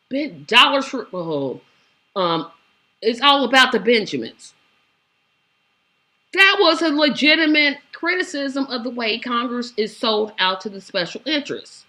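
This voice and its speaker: A woman's voice: fairly high pitch, bright, forceful tone. Sassy, exasperated woman commentator. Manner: sassy, exasperated, emphatic repetition. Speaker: show host. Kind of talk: political commentary monologue.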